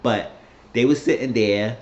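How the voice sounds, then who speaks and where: A man's voice: medium pitch, a little slow. A man casually recapping a TV season finale in a loose, rambling way, often restarting his sentences. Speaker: TV show recapper. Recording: roomy, dull lo-fi recording.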